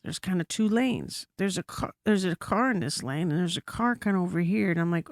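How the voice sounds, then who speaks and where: A woman guest on a podcast telling a story in casual chat, animated and full of swearing and asides, recorded in a studio. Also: lowish voice, fairly quick, dry recording. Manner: animated, profane, frequent asides.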